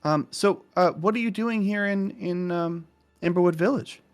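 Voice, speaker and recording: A man's voice: high-pitched, moderate pace, soft background music. A man voicing a tall, shy Firbolg acolyte who is earnest and eager to make friends, speaking hesitantly.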